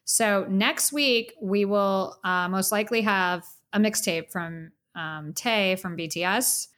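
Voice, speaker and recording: A woman co-hosting a podcast over a video call, chatting in a bubbly, rambling way. Her voice sits in a middle pitch, and she laughs often as she goes on. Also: slow, fairly bright tone. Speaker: podcast co-host. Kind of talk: casual chat.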